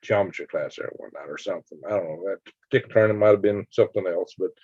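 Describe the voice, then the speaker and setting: Rapid-fire and husky, his low, darkish voice carries a casual stream where he chats with viewers and wanders through stories full of sound effects and laughs. He's from Alabama, US, and the dry recording has that dull lo-fi home-stream quality.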